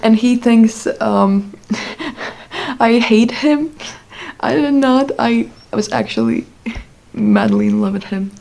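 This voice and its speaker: A woman's voice: fairly high pitch, slow pace, gravelly, a little mellow. A young adult woman vlogger telling a casual story in a chatty way, full of fillers and asides.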